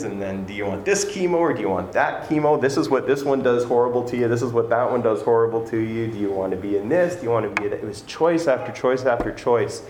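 Earnest preaching man in an echoey room. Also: fairly low pitch. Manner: earnest, conversational preaching with rising emphasis. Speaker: pastor. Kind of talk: sermon. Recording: echoey room with faint noise.

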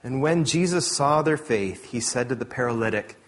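Animated man preaching a sermon. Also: mid-range voice. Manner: animated, conversational, self-correcting with quick asides. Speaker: pastor.

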